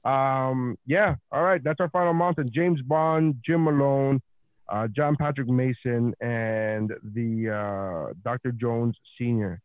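A man's voice: medium pitch, slow pace, no echo, muffled recording. A man hosting a podcast in casual chat, rambling with lots of fillers and swearing freely. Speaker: podcast host.

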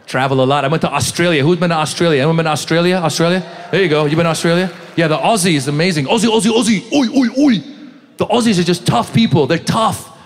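On a comedy club stage before a live audience, a middle-aged man performs stand-up with a fairly high, fast voice. He quizzes the crowd and acts out characters.

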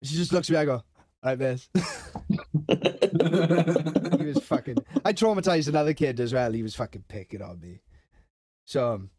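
A man's voice: on the high side, lively intonation, normal speed, long pauses, a little mellow, husky, no echo. A man, telling crude school stories in a casual podcast chat, laughing and swearing as he goes. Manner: swearing, laughing, self-mocking anecdotes. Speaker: podcast co-host.

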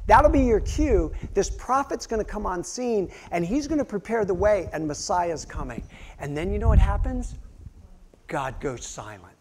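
A male pastor preaching a sermon, telling stories animatedly and acting out quotes, swinging from loud outbursts to hushed near-whispers. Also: high voice, expressive, moderate pace, slight background noise.

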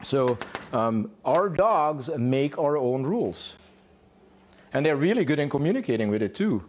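A man of average pitch coaching dog owners in an informal talk. He is blunt and animated, swears freely, and keeps checking in with a quick "yeah?". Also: husky. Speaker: dog trainer.

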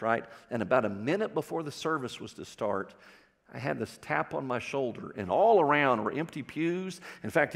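Texan male pastor, folksy storyteller, mid-range voice, sanctuary reverb. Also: mid-range voice. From Texas. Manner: folksy storytelling with audience questions. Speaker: preacher. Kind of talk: sermon. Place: church sanctuary.

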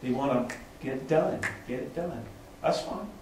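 A man's voice: mid-range voice, unhurried. A man presents to a small group at a meetup, talking loosely and checking in with "right?" as he goes. He is picked up from a distance in a very echoey room. A faint hum of ambience sits beneath him. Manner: loose, conversational, with frequent restarts and "right?" checks. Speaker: presenter at a tech meetup lab.

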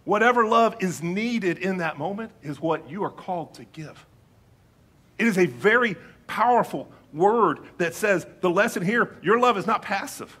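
A male pastor giving a conversational sermon with playful asides, reading scripture slowly and deliberately. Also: high voice, expressive, fairly bright tone, husky.

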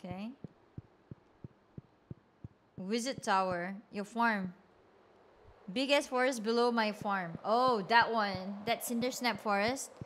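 A woman streamer chatting casually with viewers while she plays, swearing freely. Her voice jumps high when she gets angry. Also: slow, pauses often, fairly bright tone, a little hiss or hum. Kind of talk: casual gameplay commentary.

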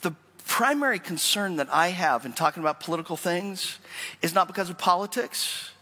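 Animated preacher man in a reverberant hall. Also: sits high, brisk. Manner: animated, emphatic preaching with rhetorical questions. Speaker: pastor. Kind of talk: sermon. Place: church sanctuary.

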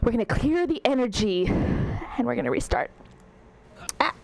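A woman's voice: on the high side, big pitch swings, normal speed, vocal fry, darkish tone, poor audio. A woman streaming a video game, commenting sarcastically and laughing as she talks back to the characters. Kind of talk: live gameplay commentary.

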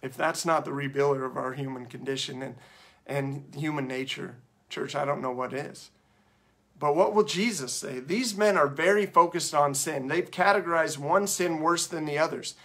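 A man's voice: fairly high pitch, moderate pace, a bit bright. A man, a pastor, preaching a sermon in church, earnest and full of rhetorical questions and restarts.

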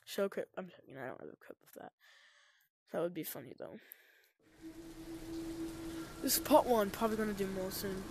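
A young woman chatting casually while playing a VR zombie game, jumpy and quick to shriek when scared. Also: medium pitch, animated, creaky, background noise. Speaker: gamer. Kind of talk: casual VR gameplay commentary.

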